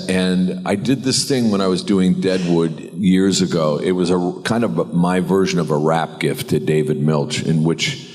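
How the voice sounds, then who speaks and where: A man's voice: deep voice, long reverb tail. A man, an actor on a convention panel, telling a rambling, self-deprecating anecdote and laughing often. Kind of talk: anecdote storytelling.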